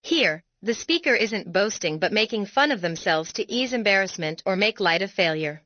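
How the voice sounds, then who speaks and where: A woman giving a scripted explanatory narration for an educational video, reading in a measured, deliberate way. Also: medium pitch, animated, dry recording, highs cut off.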